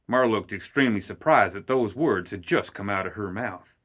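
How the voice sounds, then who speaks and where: A male storyteller narrating a story in steady, measured tones. His voice sits fairly low yet comes across bright and forceful. He reads the narration at an even pace. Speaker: audiobook reader. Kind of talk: scripted narration.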